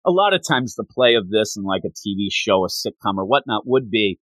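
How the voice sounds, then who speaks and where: A man's voice: fairly low pitch, expressive, fairly quick, a bit bright, no echo. A man in casual chat, co-hosting and animatedly retelling comic scenes, often laughing as he goes. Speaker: co-host recapping a comic.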